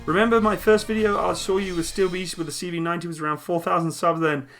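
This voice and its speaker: A man's voice: sits high, steady tone, fast talker, fairly bright tone, faint music behind. A man hosting a casual live stream from a room at home, reading viewer comments aloud and answering them upbeat.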